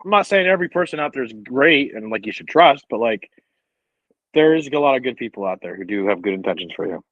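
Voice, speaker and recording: A man's voice: medium pitch, animated, quick pace, dry recording, highs cut off. A man co-hosting a podcast, talking loosely and profanely about positivity and good people. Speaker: podcast co-host. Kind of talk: casual podcast chat.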